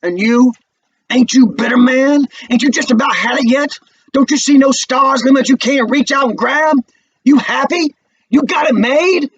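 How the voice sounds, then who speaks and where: A man voicing a bitter, explosive young husband who rants loudly and scornfully in a play read aloud. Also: extremely high pitch, moderate pace, husky, highs cut off, voice pushed up. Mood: furious. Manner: loud, scornful and ranting.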